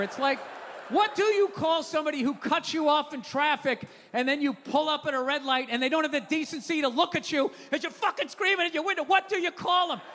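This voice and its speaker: A male comedian does his stand-up routine on a handheld mic, ranting and swearing his way through stories. His voice sits very high and cuts bright and forceful. The stage sound has a long hall reverb and faint room noise. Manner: profane, ranting, storytelling.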